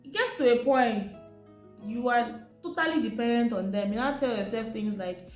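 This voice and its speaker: A woman's voice: on the high side, normal speed, a little mellow. A woman giving an informal teaching talk, chatty and asking her listeners rhetorical questions. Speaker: presenter. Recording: echoey room with faint music.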